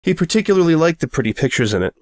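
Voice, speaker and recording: A man's voice: fairly high pitch, big pitch swings, rapid-fire, darkish tone, no room sound. Guy reading a comic fanfic, wry tone, dry close mic. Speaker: audiobook reader. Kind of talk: storybook narration.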